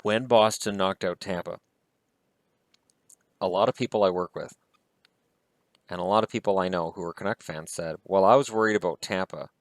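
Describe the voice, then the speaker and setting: A man's voice: sits low, fairly even intonation, normal speed, long pauses, no echo. A man vlogging about hockey, talking in a heated, blunt and profane way. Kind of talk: casual opinion rant.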